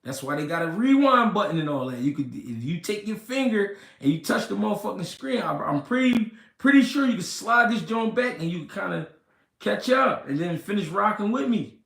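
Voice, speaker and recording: A man hosting a casual livestream, reading comments and talking slow and deliberate, repeating himself and swearing. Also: high voice, expressive, gravelly, fairly bright tone. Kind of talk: casual livestream talk about boxing. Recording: roomy echo.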